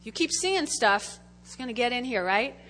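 Woman, pastor, high-pitched, chatty sermon, repeats herself, reverberant hall. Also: animated, normal speed, fairly bright tone. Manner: chatty, repeats phrases, asks the congregation questions. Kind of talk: casual sermon.

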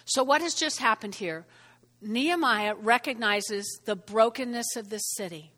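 A woman preaching a sermon in a chatty, animated way, asking the room questions. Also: on the high side, measured pace. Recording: echoey hall.

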